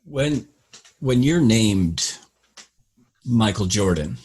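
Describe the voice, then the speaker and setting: A deep-voiced man with a husky, breathy edge talks through a film in casual podcast chat. He speaks slowly and builds his points step by step in a measured, reflective way. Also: animated, a little mellow. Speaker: podcast co-host.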